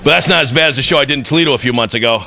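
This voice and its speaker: A man's voice: medium pitch, very fast, vocal fry, crowd noise, noisy background. A middle-aged man doing a stand-up comedy routine on a club stage, telling stories with punchy delivery and acted-out quotes.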